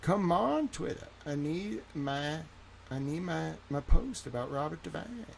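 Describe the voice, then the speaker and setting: A young man hosting his own livestream, his voice sitting a little high for a man. He rambles freely, leans on "like" constantly, and moves between heated outbursts and low, offhand remarks. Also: animated, a little slow, creaky, slight background noise, poor audio. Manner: rambling, heavy use of "like", swings from loud indignation to quiet asides. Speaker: livestream host. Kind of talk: casual livestream commentary.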